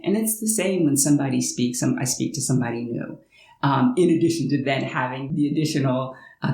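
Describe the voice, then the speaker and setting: Filming a casual talking-head vlog at her home in France, an American language-learning vlogger chats through explanations and tosses in playful asides. She has a very deep, slightly mellow voice, heard in an echoey room with poor audio.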